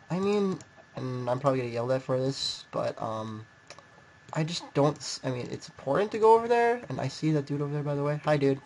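A man's voice: mid-range voice, a little hiss or hum. Rambling, self-mocking young man gaming. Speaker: gaming video creator. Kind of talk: casual gameplay commentary.

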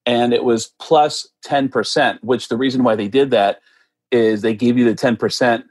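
Animated male comedian telling stories. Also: mid-range voice, moderate pace. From United States. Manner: animated, acts out other people's voices in quotes. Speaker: podcast guest, comedian and impressionist. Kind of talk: casual storytelling.

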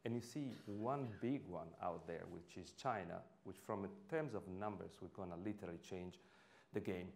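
A man with an Italian accent giving a public lecture on stage, halting and full of fillers and restarts. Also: low voice. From Italy. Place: lecture hall. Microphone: stage microphone.

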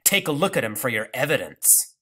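A bitter elderly grandmother who scolds in a sharp, raised, indignant voice, as a man reading the story puts her on. Her pitch leaps around in lively swings, and she sounds storybook-theatrical. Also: a little fast, breathy edge, heavily acted. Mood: scornful.

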